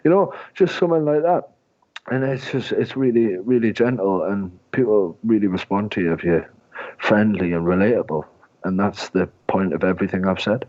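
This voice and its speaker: Low-voiced Northeast English man, rambling jokily. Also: normal speed, dull audio. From Northeast England. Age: 20s. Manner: rambling, jokey and self-deprecating. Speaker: comedian guest. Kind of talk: casual interview chat.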